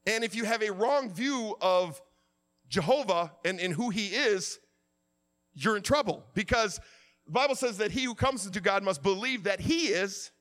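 A middle-aged male pastor preaching a sermon, swinging from quiet confession to impassioned shouting. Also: high voice, normal speed.

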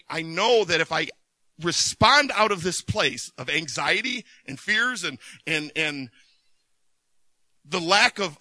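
A man preaching a sermon, animated, jumping from loud excited bursts to soft hushed asides. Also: high voice, no room sound.

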